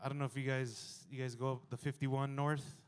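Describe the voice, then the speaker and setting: A man in his thirties performing a stand-up comedy set, animated and jumping to loud exclaiming in the acted-out bits. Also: mid-range voice, fairly quick, clean tone. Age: 30s.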